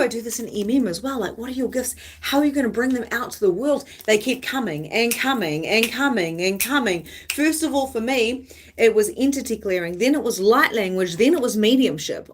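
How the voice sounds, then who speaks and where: Animated, high-voiced woman live streaming. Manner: rambling, candid, swears freely. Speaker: psychic medium hosting a live stream. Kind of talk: casual live stream chat.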